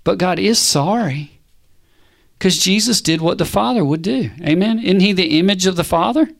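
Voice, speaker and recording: A man preaching a sermon, animated and punchy, firing rhetorical questions and calls back to the congregation. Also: high voice, normal speed, vocal fry.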